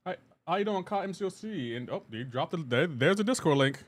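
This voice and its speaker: Man, game streamer, casual live chat, upbeat, greets viewers by name, slightly higher voice. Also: lively intonation, a little fast. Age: adult with a child. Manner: upbeat, greets chatters by name, chatty asides.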